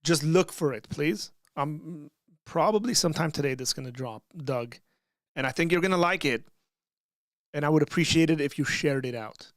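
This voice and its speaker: A man's voice: a little high, normal speed, no echo, studio quality. A man hosting a casual livestream, reading out chat questions and answering them in a loose, conversational way with frequent restarts.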